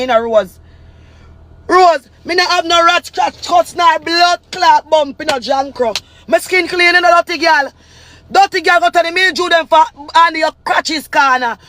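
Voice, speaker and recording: High-voiced Jamaican man ranting. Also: bright, forceful tone, no echo. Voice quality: heavy cursing, repetitive insults. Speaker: vlog subject. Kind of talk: angry rant.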